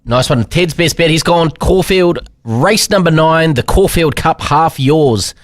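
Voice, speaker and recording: A man's voice: fairly high pitch, a little slow, dry recording, studio quality. A man, a podcast co-host casually talking through betting tips. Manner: relaxed, gives betting tips. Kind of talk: casual racing tips chat. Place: studio.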